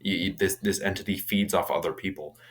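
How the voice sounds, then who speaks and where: A man's voice: low-pitched, steady tone, a little fast, breathy edge. A young man casually retelling a horror movie's plot, rambling with frequent restarts and fillers. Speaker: movie reviewer.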